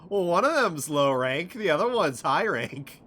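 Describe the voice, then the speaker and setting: A man streaming a video game, giving casual commentary that is profane and excitable, with frequent laughter. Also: on the high side, a little slow.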